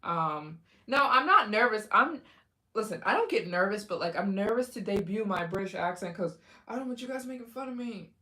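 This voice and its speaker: A woman's voice: mid-range voice, expressive, normal speed, pushed and bright. A young adult woman hosting a casual livestream, chatting with viewers in a rambling way with many fillers and restarts. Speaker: livestream host.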